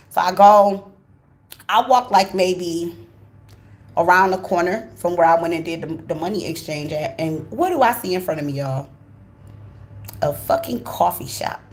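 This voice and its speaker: A woman from the USA, hosting her channel and telling a casual story in a blunt, profane, expressive way straight to her viewers. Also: mid-range voice. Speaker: channel host.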